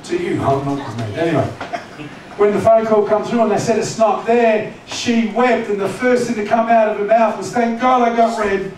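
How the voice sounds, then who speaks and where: A man's voice: high voice, moderate pace, darkish tone. A man preaching a sermon as pastor, conversational and teasing, often asking the congregation questions. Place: church hall. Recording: echoey church hall, distant mic, noisy.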